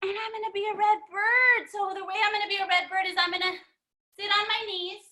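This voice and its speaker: A woman's voice: very high-pitched, steady tone, fairly quick, bright, forceful tone. A young woman teaching a story-time yoga class for children in an encouraging, sing-song way, recorded on her computer's microphone. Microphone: computer mic.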